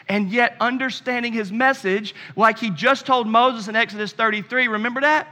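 A man's voice: high-pitched, normal speed, sharp tone, long reverb tail. A man preaching a sermon as pastor, emphatic and impassioned, with conversational asides to the congregation.

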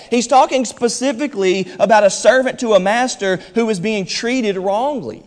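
Pastor guy preaching, fairly high voice, slows way down to hit points then rushes asides, big reverby church sound. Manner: emphatic preaching, swings between quick asides and slow stressed phrases. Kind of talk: sermon. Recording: hall reverb.

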